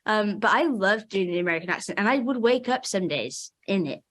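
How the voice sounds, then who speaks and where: A British woman with a British accent, a guest actor chatting casually and warmly in an interview. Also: medium pitch, expressive, a little fast. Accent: British English. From Britain.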